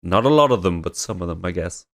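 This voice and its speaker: A man hosting a reaction video, commenting loudly between laughs. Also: sits low, expressive, fast talker.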